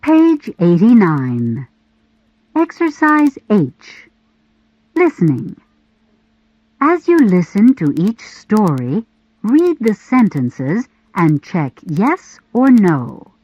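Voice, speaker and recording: Slow, clear woman reading textbook audio. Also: mid-range voice, wildly swooping pitch, darkish tone, dry recording. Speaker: audio course narrator. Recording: dull, lo-fi audio.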